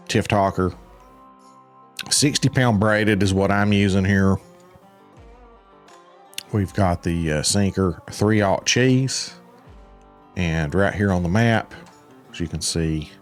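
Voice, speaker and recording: A man walks through a game guide in a relaxed, unhurried way, his voice sitting a little low. He rambles along casually and drops in plenty of fillers as he talks into a desk mic. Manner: laid-back, rambling, with frequent fillers. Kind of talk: casual gameplay commentary.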